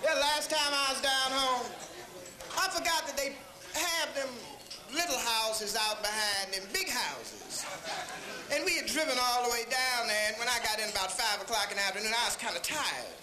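High-voiced man telling stand-up stories. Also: animated, crowd noise. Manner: slow, drawn-out delivery with pauses before punchlines. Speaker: stand-up comedian. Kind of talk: stand-up storytelling. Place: live club stage before an audience. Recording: echoey live room with audience noise.

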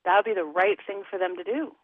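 A woman's voice: mid-range voice, quick pace, no echo. A woman relationship coach speaking frankly and emphatically in an interview over the phone. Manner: frank and emphatic, talks candidly about sex. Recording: tinny phone line, dry.

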